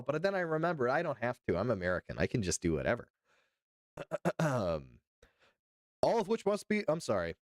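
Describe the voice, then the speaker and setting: A man's voice: medium pitch, no echo, clean studio sound. A man hosting a livestream, reading news aloud and commenting in a sarcastic, profane way with bursts of mock outrage. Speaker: livestream host.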